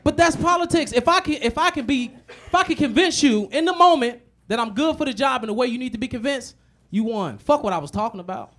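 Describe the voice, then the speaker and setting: A man performing a stand-up comedy set. His delivery is animated and profane, and he swings between muttered asides and loud punchlines. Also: very high-pitched, quick pace. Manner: animated, profane storytelling with many repetitions.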